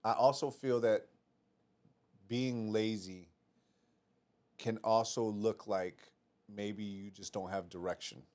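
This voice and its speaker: A man's voice: lowish voice, steady tone, slow pace, long pauses, darkish tone. A man hosting a casual podcast, affirming his guest and talking loosely with lots of "bro". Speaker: podcast host.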